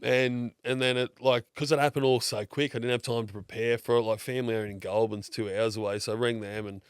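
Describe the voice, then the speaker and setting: A man's voice: mid-range voice, steady tone, fairly quick, clear, resonant tone, dry recording. An Australian man in his thirties, telling stories in a blokey, casual way, swearing freely and acting out what others said. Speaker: podcast guest. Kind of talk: casual storytelling chat.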